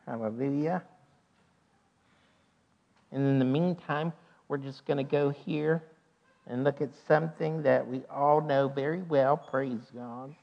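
A man's voice: mid-range voice, fairly even intonation, unhurried, creaky, long pauses, muffled recording. A man pastor giving church announcements and an offering sermon, punctuating his talk with "amen" and "hallelujah.". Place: church sanctuary.

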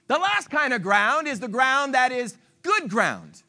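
A man preaching a sermon as pastor, animated and emphatic, teasing his listeners. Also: very high-pitched, measured pace.

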